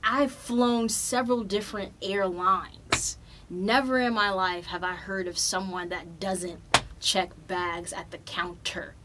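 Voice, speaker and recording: Young woman, podcast host, casual storytelling, swears a lot, animated, mid-pitched voice. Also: slight background noise. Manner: profane, animated, loose and chatty.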